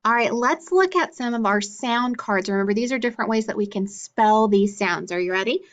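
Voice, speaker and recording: A woman teaching a phonics lesson to young children, drawing out letters and syllables in a patient teacher voice. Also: fairly high pitch. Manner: slow, drawn-out teacher talk, exaggerated syllables. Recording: dull lo-fi sound.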